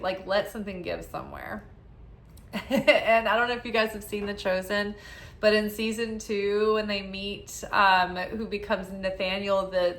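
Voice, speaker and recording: A woman's voice: mid-range voice, fairly bright tone. Tired young woman chatting through a tarot reading, says "like" a lot, echoey room. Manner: rambling, filler-heavy with frequent "like". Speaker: tarot reader. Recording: roomy echo.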